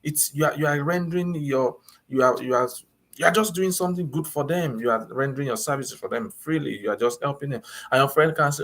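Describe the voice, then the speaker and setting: A man talking through practical advice in a loose, conversational way. He circles back, restates his points and slips into little acted-out dialogues between friends. His voice sits at an ordinary middle pitch. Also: brisk, a bit bright, a little hiss or hum. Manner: conversational, repeats and rephrases, acts out little dialogues. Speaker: advice vlogger on student visas. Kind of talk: casual advice talk.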